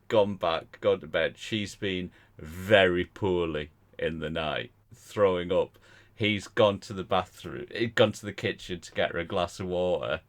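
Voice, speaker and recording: A man's voice: on the low side, fairly bright tone. A man co-hosting a podcast, telling a story casually with restarts and frequent laughter. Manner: chatty, stumbling, laughs through his stories. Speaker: podcast co-host.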